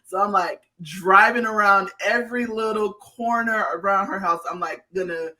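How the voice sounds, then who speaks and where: A woman guest talking plainly and earnestly in casual conversation. She is soft-spoken and not very talkative. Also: mid-range voice, normal speed, few pauses, far from the mic.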